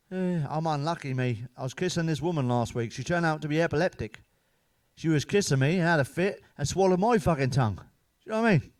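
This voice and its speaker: A middle-aged British man rattles off crude, sweary gags in a deadpan stand-up delivery. His voice sits a little higher than usual for a man. The sound is dry and close, with no room around it. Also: no echo. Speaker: stand-up comedian. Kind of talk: deadpan joke-telling monologue.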